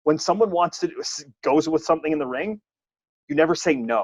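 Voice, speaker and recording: A man's voice: fairly high pitch, a little fast, dry recording. Self-mocking man telling a story. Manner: self-deprecating, animated anecdote telling. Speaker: wrestling referee guest. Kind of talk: casual storytelling. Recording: dull lo-fi dry podcast audio.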